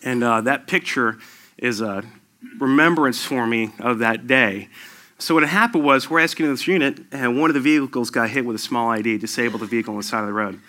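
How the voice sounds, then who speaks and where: A man's voice: medium pitch, a little fast, bright, forceful tone. A middle-aged man, a military veteran, telling a personal war story to an audience in an emphatic, conversational way.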